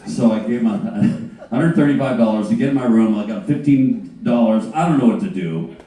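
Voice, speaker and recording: Man, guitarist, animated storytelling, swears, halting, low voice, distant mic, echoey. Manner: animated, profane, halting restarts. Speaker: guitarist panel guest. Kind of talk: anecdote storytelling. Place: panel on a cruise ship.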